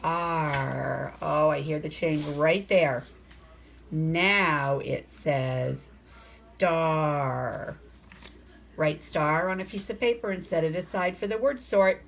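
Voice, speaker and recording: A woman teaching a phonics lesson to young children, sounding out letters slowly and asking the class coaxing questions. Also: low-pitched, expressive, creaky, slight background noise. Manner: slow, sounds out letters and words.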